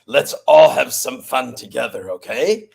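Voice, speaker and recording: A man's voice: mid-range voice, unhurried, vocal fry, breathy edge, poor audio. A man in casual chat, laid-back and making goofy jokes.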